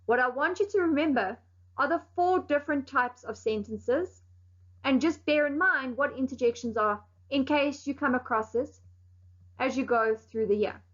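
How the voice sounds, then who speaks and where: A high-pitched woman teaches a recorded lesson to young pupils. She explains carefully and leans on key words with firm emphasis. The sound is a little dull and lo-fi. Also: normal speed.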